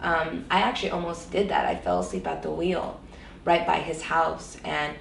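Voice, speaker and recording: A woman's voice: deep voice, very animated, moderate pace, gravelly, far from the mic, background noise. A woman guest telling her personal story in an earnest, reflective way, often saying "you know.". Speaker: interview guest. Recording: roomy echo, voice a bit off-mic, faint background ambience.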